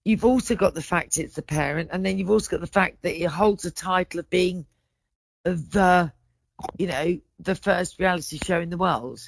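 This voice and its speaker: A woman's voice: lowish voice, moderate pace, creaky, no echo. A woman in her forties chats on a podcast, drifting from one story to the next. She keeps breaking off and restarting her sentences, and the voice sounds dry and close. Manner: rambling, self-interrupting storyteller. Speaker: podcast guest. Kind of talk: casual chat.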